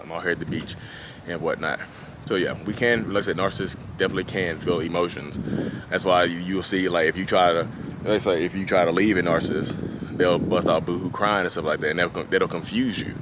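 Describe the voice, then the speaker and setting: A man with a very low voice talks through a loose, unscripted vlog monologue, circling back on his points and padding them with "you know what I mean". He is outdoors at a beach, and steady open-air ambience with passing vehicles runs under his voice. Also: brisk, background noise. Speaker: vlogger discussing his own narcissism.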